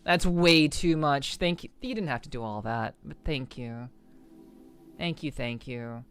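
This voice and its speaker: A woman's voice: extremely low pitch, expressive, a little slow, clear, resonant tone, faint music behind. A young adult woman streamer chatting casually with her viewers, swearing often and restarting her words. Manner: swears a lot, stammering restarts. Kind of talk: casual live-stream chat.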